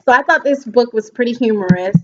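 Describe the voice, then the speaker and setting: A young woman, an education student, giving an earnest, halting book report presentation and mixing reading with comments. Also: fairly high pitch, fairly bright tone. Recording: dull lo-fi home recording with faint noise.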